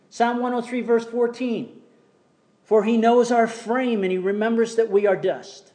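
A man preaching a sermon in a church, reading scripture slowly and telling a story between verses, sometimes dropping almost to a whisper. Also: very high voice, steady tone, dark tone. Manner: reads scripture slowly, tells jokes, drops to near whisper. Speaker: pastor. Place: church sanctuary.

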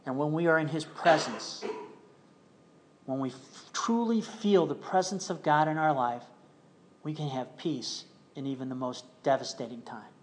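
An older man preaching a sermon in an earnest, compassionate way, sometimes dropping to a soft hush. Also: a little high, normal speed, a little hiss or hum. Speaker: pastor.

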